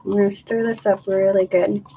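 A woman's voice: medium pitch, little pitch movement, moderate pace, creaky, noisy background. Chatty woman demonstrating crafts on a lo-fi stream. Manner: chatty, thinking aloud while stirring and counting. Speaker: acrylic pouring artist hosting a live stream. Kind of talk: casual live craft demonstration.

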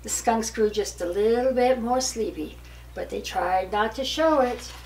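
A woman's voice: a little high, a little slow, a little mellow, reverberant. An older woman reading a picture book aloud to her grandchildren. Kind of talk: storybook read-aloud. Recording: distant mic with faint hiss.

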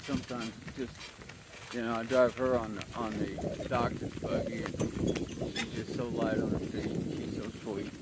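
A man training donkeys talks casually in a folksy way while driving them outdoors on a cart. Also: mid-range voice. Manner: folksy, mild exclamations, calls out to animals. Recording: outdoor noise with animals and vehicles.

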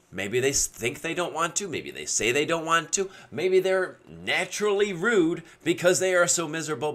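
A man's voice: medium pitch, fairly bright tone. A man telling a story to camera in a casual vlog, laughing often and cutting off his swear words mid-word. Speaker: video creator giving dating advice.

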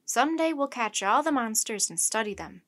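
A woman's voice: on the high side, animated, moderate pace, a bit bright. A woman voicing an earnest, pompous older male professor who talks in a formal, lecturing way.

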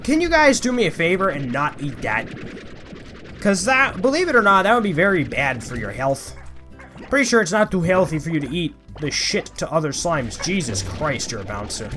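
Brief: young male gaming YouTuber, playful commentary, animated and slightly high delivery, faint music underneath. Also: moderate pace. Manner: playful, chatty, talks to the game creatures, mild swearing. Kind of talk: casual let's-play commentary.

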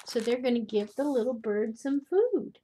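An older woman, reading a children's picture book aloud as a grandmother, gently chatting and asking the listeners questions. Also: fairly high pitch, animated, normal speed, slight background noise. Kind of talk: storybook read-aloud for children.

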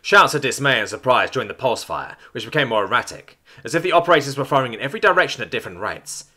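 Animated man narrating sci-fi story. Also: mid-range voice, fast talker. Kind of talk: scripted narration.

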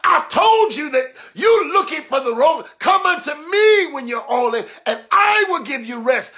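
A man preaching a sermon, swinging between emphatic shouts and hushed, low passages, calling out to his listeners. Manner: calls out exclamations and asks the listeners for response.

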